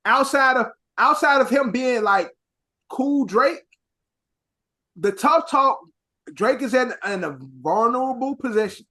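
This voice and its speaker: A young man from Chicago co-hosting a podcast in casual chat, with a Chicago accent mixed with New York slang, talking in an animated, rambling way full of swearing. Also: extremely high pitch, unhurried. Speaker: podcast co-host.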